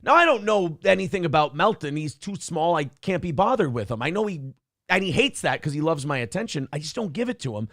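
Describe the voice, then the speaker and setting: A man co-hosting a podcast, telling stories in a sarcastic, animated way and putting on mocking voices for the people he quotes. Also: fairly high pitch, brisk, no room sound, studio quality. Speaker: podcast co-host. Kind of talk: casual chat.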